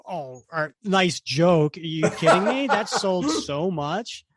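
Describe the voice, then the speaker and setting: Animated middle-aged male podcast co-host. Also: high-pitched, takes it slowly, heavy background noise. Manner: animated, sings snatches of songs and laughs. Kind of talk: casual chat.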